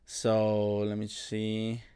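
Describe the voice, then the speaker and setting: Relaxed low-voiced man explaining music production. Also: clear, resonant tone, no room sound, studio quality. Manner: relaxed, halting, many fillers and restarts. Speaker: music producer tutorial host. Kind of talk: casual screen-recorded production walkthrough.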